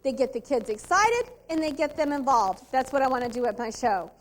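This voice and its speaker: A woman's voice: sits high, lively intonation, a little fast. A woman giving a motivational sales training talk, emphatic and quizzing the audience with rhetorical questions. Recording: 2002 VHS convention tape.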